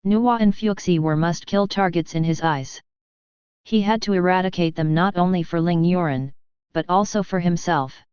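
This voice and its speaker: A woman narrating a fantasy audiobook in a steady, even reading. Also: on the low side, moderate pace, clean tone, dry recording. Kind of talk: scripted narration.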